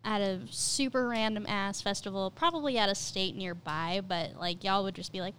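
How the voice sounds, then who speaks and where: A woman's voice: mid-range voice, steady tone, normal speed, few pauses, fairly bright tone, a little hiss or hum. A young woman co-hosting a podcast, chatting candidly and giggling as she acts out inner voices. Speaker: podcast co-host. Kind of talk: casual chat.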